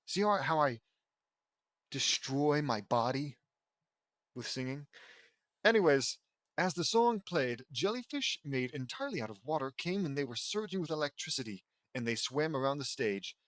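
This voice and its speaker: A man's voice: fairly high pitch, sing-song, normal speed, fairly bright tone, dry recording. A man reading fan fiction aloud for comedy, breaking off into sarcastic, mocking asides. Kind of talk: comedic dramatic reading with commentary.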